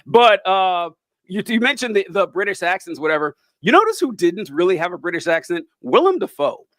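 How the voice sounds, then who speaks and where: A young man co-hosts a podcast, chatting casually and wryly about a movie while rambling and cutting himself off. His voice is high and a bit bright with big pitch swings, fairly quick, and has no room sound.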